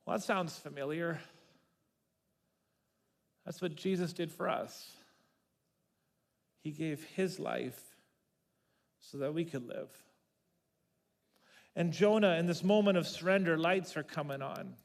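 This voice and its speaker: A man pastor preaching a sermon, telling the story in an animated way and repeating words as he builds. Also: a little high, slow, gravelly, pauses often. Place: church sanctuary. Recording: long reverb of a church hall.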